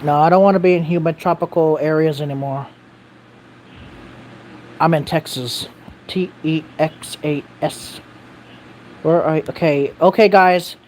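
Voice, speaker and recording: A livestreamer in loose, casual chat with a small audience, answering comments. They ramble, stumble over names and restart sentences. They swear offhand and speak at an ordinary, middling pitch. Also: measured pace, pauses often, a little mellow, slight background noise. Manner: rambling, self-correcting, reads viewer comments aloud. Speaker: live streamer answering viewer chat.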